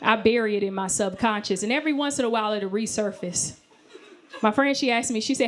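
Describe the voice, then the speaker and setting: Brash high-voiced woman doing stand-up. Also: fast. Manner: brash storytelling with acted-out voices and shrieks. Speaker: stand-up comedian. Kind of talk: stand-up comedy set. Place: comedy club stage with laughing audience. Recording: live club recording with audience noise.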